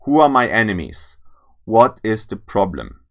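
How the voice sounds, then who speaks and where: A man's voice: on the low side, big pitch swings, unhurried. A man giving a spiritual lecture, speaking earnestly and directly to his listeners, often restarting and repeating words as he goes. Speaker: spiritual teacher.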